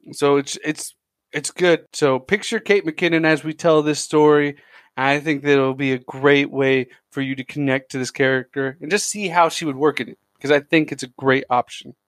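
A man's voice: fairly high pitch, dry recording, studio quality. A man hosting a podcast in a casual, chatty, enthusiastic monologue, often restarting his sentences. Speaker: podcast host.

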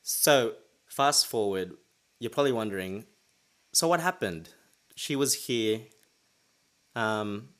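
A man's voice: on the low side, fairly bright tone. Rambling young man telling a story. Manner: rambling storytelling with many restarts. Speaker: podcast host. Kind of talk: casual chat.

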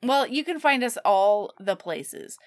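A woman co-hosting a podcast in casual chat, laughing easily. Her somewhat high voice swings widely in pitch. The sound is dry, with little room. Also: expressive, dry recording. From United States. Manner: giggly, quick to laugh, reads the show's sign-off. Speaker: podcast co-host.

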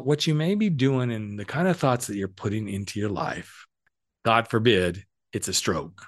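A man's voice: mid-range voice, a bit bright. A middle-aged man hosting a podcast, giving a casual motivational monologue with playful, cheeky asides. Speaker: podcast host and coach.

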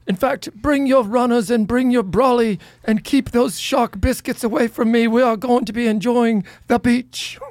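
A man's voice: very high voice, fairly even intonation, normal speed, hardly any pauses, darkish tone, no echo, pitched above the performer's own voice. A man putting on a brash, beach-loving Australian bloke with exaggerated mock slang in a raised voice.

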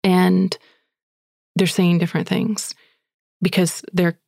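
A woman's voice: fairly low pitch, little pitch movement, slow, gravelly, a little mellow, no room sound, clean studio sound. A woman hosting a podcast who retells a story in a chatty, breathless way, with fillers like "like" and "you know". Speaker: podcast host. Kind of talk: casual storytelling.

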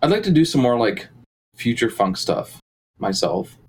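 A man's voice: medium pitch, sing-song, moderate pace, a little mellow, a little hiss or hum, rough recording. A man talking casually as a musician guest in an interview, rambling with many fillers and restarts. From Canada.

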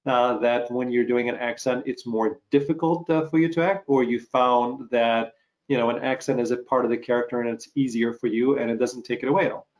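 A male interviewer who talks his way slowly into a long question, stopping often to search for words. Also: medium pitch, fairly even intonation.

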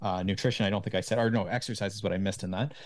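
A man's voice: lowish voice, fairly even intonation, rapid-fire, dry recording. A man speaking as a podcast guest over a video call, explaining health habits in a casual, coaching way. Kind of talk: casual interview chat.

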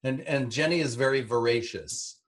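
A middle-aged man who once acted in the series co-hosts a casual rewatch podcast, wryly teasing as he recalls working on the show and slipping into playful mock voices. His voice is mid-range and moderately paced.

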